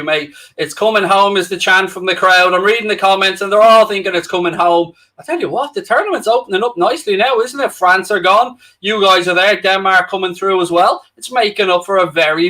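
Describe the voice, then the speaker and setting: A young Irish man co-hosting a live football watchalong, talking straight to his viewers in a loose, joking way. His voice sits high and sounds bright and forward. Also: fairly quick, few pauses. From Ireland. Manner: chatty, jokey, addresses viewers directly. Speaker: co-host of a football watchalong livestream. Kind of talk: casual livestream chat reading out viewer comments.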